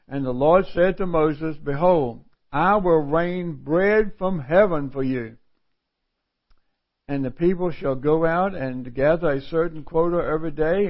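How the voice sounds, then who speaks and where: Middle-aged guy preaching, folksy, reads the bible then riffs on it, dull lo-fi sound. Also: fairly high pitch. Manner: folksy, repeats phrases for emphasis. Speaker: pastor. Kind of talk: sermon with scripture reading. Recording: dull lo-fi recording.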